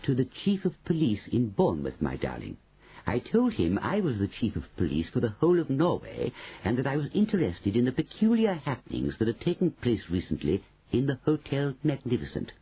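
A shrewd, bold old grandmother, put on by a male audiobook reader, who speaks slowly and with calm, knowing weight. The voice is dark and deeply breathy, with a lively swing in pitch. It suits an audiobook story. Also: exaggerated voice, rough recording. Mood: measured. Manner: slow, measured and knowing. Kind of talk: audiobook reading.

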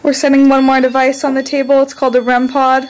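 High-voiced woman ghost hunter. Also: monotone, a little mellow, low-quality recording. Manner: chatty, quick reactions. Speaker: paranormal vlogger. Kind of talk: casual ghost-hunting chat. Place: inside an old historic house at night.

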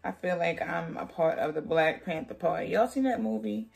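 A woman's voice: on the low side, moderate pace, creaky, darkish tone, soft background music. A woman beauty vlogger chatting through a wig tutorial, sassy and playful, joking with her viewers as she works.

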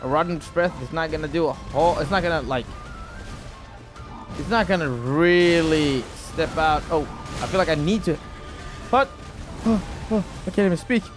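A man's voice: on the high side, normal speed, long pauses. Man, gameplay commentary, rambling, repeats words, exclamations, music in background. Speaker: gaming YouTuber.

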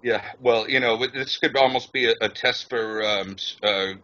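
A man speaking as a radio show guest, chatty and halting, with many fillers. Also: mid-range voice, pushed and bright. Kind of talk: radio interview talk. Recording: dull lo-fi call audio.

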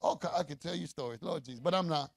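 A man preaching a rousing call-and-response sermon as pastor, rising to shouts. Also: on the high side, fast talker, vocal fry.

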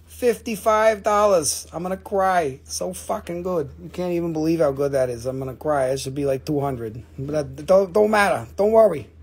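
A fairly high-voiced man with a husky edge runs a casual live-stream auction. He talks in an excitable, joking way and swears freely. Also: normal speed, few pauses. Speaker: live-stream crystal seller.

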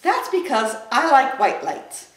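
A woman leading a story time, reading picture books aloud to children in an animated, sing-song way. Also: sits high, slow. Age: adult. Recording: roomy echo, voice from a distance.

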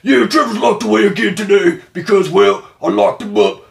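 A man doing a gravelly, swaggering wrestler impression. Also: sits high, big pitch swings, pitched above the performer's own voice, exaggerated voice. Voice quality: gravelly, growling. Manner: hammy, drawn-out catchphrases. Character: gravelly, boastful wrestling-star impression, growling catchphrases. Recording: roomy echo, distant from mic.

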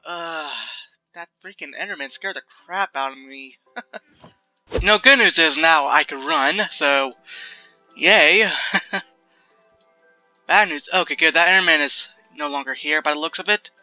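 A young man giving casual, chatty commentary while playing a building game, jumpy and self-mocking and quick to laugh. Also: a little high, bright, forceful tone, clear, resonant tone, dry recording, soft background music. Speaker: gaming video creator.

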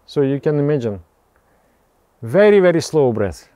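Male meditation teacher, slightly high, mellow tone, dry close sound, halting and repetitive delivery. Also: very animated, dry recording. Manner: halting, repeats words and restarts phrases. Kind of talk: explaining meditation practice.

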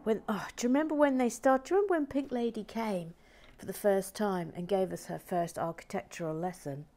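A woman hosting a relaxed building video, talking softly and often dropping to a whisper. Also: mid-range voice, brisk. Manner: soft-spoken, often dropping to a whisper, chatty. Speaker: host of a toy building channel.

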